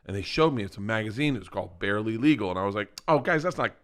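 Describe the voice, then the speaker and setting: A man's voice: lowish voice, lively intonation, very fast. A man co-hosting a casual podcast, joking and swearing, often laughing through his lines. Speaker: podcast co-host.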